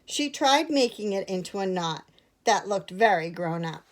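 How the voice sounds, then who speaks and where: A woman's voice: mid-range voice, expressive, moderate pace. Woman teacher reading a storybook aloud. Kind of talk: reading a picture book aloud to children.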